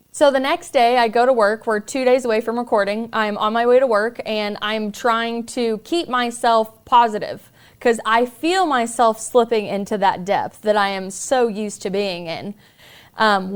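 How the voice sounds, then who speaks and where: Woman, podcast host, earnest, confiding storytelling, clear smooth voice. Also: on the high side, fairly even intonation, unhurried. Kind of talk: candid personal storytelling.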